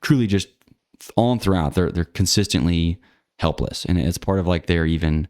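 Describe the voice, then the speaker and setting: A man with a low, deep voice talks through his opinions in a loose, rambling monologue. He restarts sentences, leans on fillers, and turns blunt when something annoys him. The sound is dry and close, with no room around it. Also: moderate pace, a little mellow, no echo. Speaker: channel host. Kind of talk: casual monologue to camera.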